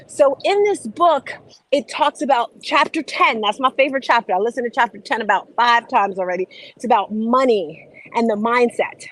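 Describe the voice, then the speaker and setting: A woman's voice: fairly high pitch, normal speed, poor audio. A woman life coach hosting a casual livestream, chatty and enthusiastic, greeting her viewers by name. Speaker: life and fitness coach, show host.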